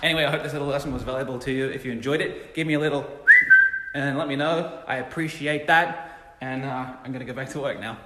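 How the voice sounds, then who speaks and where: An entrepreneur delivers a casual mini money lesson for his social media stories, blunt, emphatic and swearing freely. His voice sits in the mid range and moves at a quick pace. The recording is very noisy, with a long reverb tail.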